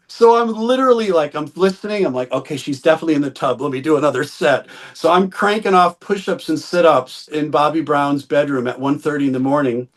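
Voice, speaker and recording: Animated man telling a story, slightly high voice. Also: normal speed. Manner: animated storyteller, acting out quoted voices, laughing often. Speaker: interview guest. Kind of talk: storytelling anecdote in casual interview.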